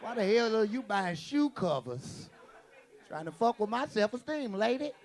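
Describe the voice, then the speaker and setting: A man doing a stand-up comedy set, brash and profane, with quick punchy delivery and acted-out quotes, as the audience laughs. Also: high-pitched, big pitch swings, some chatter behind.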